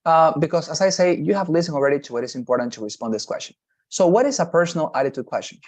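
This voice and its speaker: Male teacher, slightly high voice, repetitive, checks in with his students. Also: lively intonation, fast talker, a little mellow. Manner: repetitive, checks in with "okay?" and "right?". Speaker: English test-prep teacher. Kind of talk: online class explanation.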